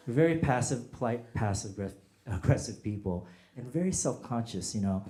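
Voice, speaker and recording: A male stand-up comedian doing a set, animated and acting out quoted voices with loud bursts. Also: medium pitch, normal speed. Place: comedy stage before a live audience. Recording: echoey hall, audience laughter. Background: audience laughter.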